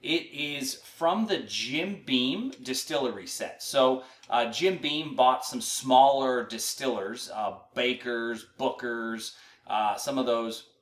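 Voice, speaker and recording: A man's voice: mid-range voice, slow, roomy sound. A man hosting an online show, talking in a casual, rambling way with frequent restarts. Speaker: host. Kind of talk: casual chat.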